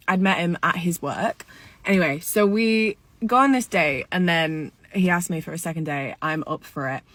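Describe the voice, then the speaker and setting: A woman's voice: low voice, fairly bright tone, no echo. Woman, dry close sound, sarcastic storyteller, exasperated. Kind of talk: storytime video.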